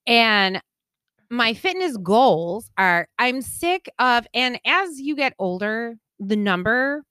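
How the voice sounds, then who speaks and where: A woman's voice: a little high, lively intonation, slow pace, sharp tone, clean tone, no room sound, clean studio sound. A woman co-hosting a podcast in casual chat, easygoing and playful with slang. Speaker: podcast co-host.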